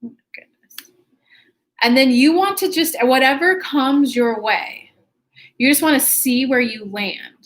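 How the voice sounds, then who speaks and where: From her computer, a woman hosts a relaxed spiritual livestream, chatting cheerfully with viewers amid laughs and self-corrections. She has a high voice, a measured pace, and takes long pauses.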